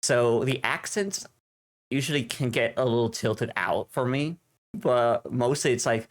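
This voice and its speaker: Chatty Finnish-accented male streamer. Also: medium pitch. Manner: chatty, halting English with many fillers. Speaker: livestream host. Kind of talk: casual stream chat. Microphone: desk streaming microphone.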